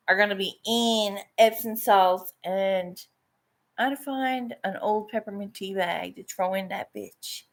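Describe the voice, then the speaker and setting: A woman in middle age talks casually as she paints, at a slow, unhurried pace. She swears freely and breaks into laughter often. Her voice sits at an ordinary pitch for a woman. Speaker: painting vlogger. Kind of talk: casual chat while painting.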